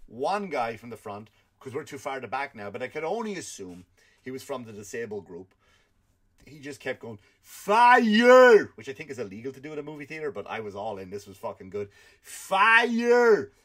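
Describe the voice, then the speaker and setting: A man with an Irish accent, a comedian hosting a podcast, telling stories in an animated, swear-filled rant. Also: mid-range voice, quick pace, husky. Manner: animated storytelling with frequent swearing. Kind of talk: ranting comedic monologue.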